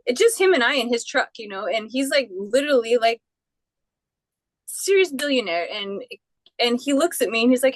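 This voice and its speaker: A woman with a fairly high voice tells a personal story as an interview guest. She is animated and breaks off and restarts often, and she acts out the people she quotes. The sound is close and dry. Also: moderate pace, no room sound, poor audio.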